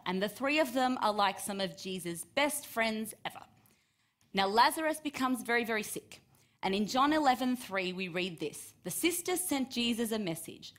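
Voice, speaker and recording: A woman, teaching a Bible story to children in a chatty way, asking listeners by name and dropping to a hush for emphasis. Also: medium pitch. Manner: lively, chatty, asks listeners by name, drops to hushed tones for emphasis.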